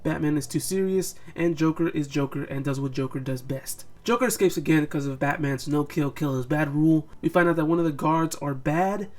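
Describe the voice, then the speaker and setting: A man's voice: fairly high pitch, a little fast, hardly any pauses. A young man narrating a scripted game retrospective, with a casual manner and sarcastic asides. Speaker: game reviewer.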